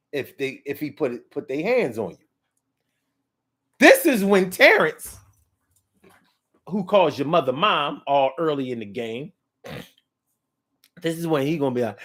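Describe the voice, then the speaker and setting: Man with a fairly high voice, casual comic monologue, animated and slangy. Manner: animated, slangy, repetitive storytelling. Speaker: comedic commentator.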